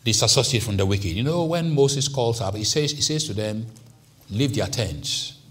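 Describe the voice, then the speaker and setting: A man preaching a sermon as pastor, swinging from hushed asides to loud, emphatic lines. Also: mid-range voice, animated, fairly quick. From Nigeria.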